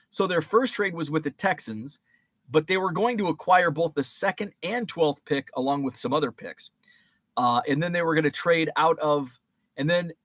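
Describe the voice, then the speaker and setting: A man's voice: a little high, a bit bright, no echo, studio quality. Chatty man hosting a rambling livestream. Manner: rambling, reads viewer comments aloud. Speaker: host. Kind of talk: casual livestream chat.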